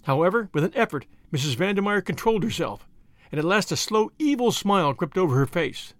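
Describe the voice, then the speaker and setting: A man reading a novel aloud with expressive storytelling delivery. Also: high-pitched, fairly quick, no room sound, studio quality. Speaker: audiobook narrator. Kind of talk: scripted novel narration.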